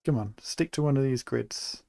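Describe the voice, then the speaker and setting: A young man from England giving relaxed, chatty live commentary while he plays a city-building game, thinking aloud as he goes. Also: medium pitch, normal speed, creaky, no echo. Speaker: streamer.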